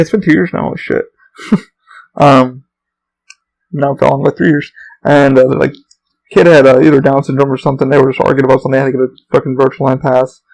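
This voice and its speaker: Young male podcast host, gravel in the voice, slightly high-pitched, loose and profane, rambles and mimics people. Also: a little mellow, low-quality recording. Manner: profane, rambling storytelling with many fillers; acts out quoted people in raised voices. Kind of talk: rambling solo podcast monologue.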